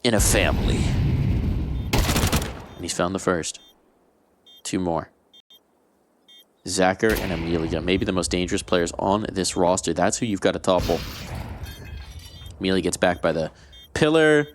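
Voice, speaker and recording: A man doing live play-by-play esports commentary, excitable and quick to jump into fast shouts during big plays. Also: low-pitched, noisy background.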